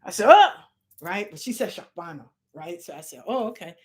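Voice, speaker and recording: Talking fairly quickly at a medium pitch, a middle-aged spiritual channel host recounts a long personal tale. The delivery is loose, lively and full of cursing, with impressions of the people in her story.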